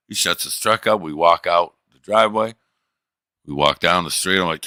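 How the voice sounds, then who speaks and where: A man's voice: low-pitched, moderate pace, pushed and bright, no room sound. A man livestreaming, telling a long rambling story to his chat in loose, profane casual talk.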